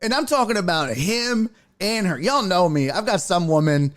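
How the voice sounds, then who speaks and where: A man hosting a sports talk show, a comedian telling a profane, emphatic story in an animated way, sounding a bit congested. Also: high voice, normal speed. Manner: profane, emphatic, fired-up ranting. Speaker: podcast host and stand-up comedian.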